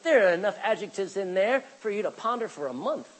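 A man's voice: sits high, expressive, a little fast, few pauses, poor audio. A man preaching a sermon as pastor, reading scripture aloud and calling out for amens from the congregation.

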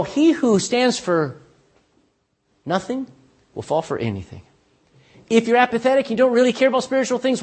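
A man preaching a sermon as pastor, impassioned and pleading, with sudden drops to a hush. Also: sits high, husky.

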